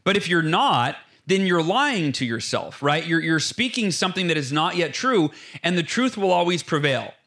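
A man with a notably high voice talks as a guest in an interview, energetic and emphatic. He walks through ideas in clear numbered steps, pressing each point home like a motivational speaker. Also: moderate pace, hardly any pauses. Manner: emphatic, acts out inner voices.

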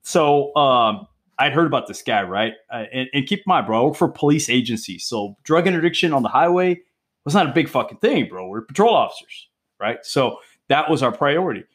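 Podcast guest: a middle-pitched cop in his forties, excitable, cursing through his war stories. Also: fairly quick. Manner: profane, excitable, peppers talk with "bro" and "dude". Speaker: guest, police drug interdiction officer. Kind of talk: casual storytelling chat.

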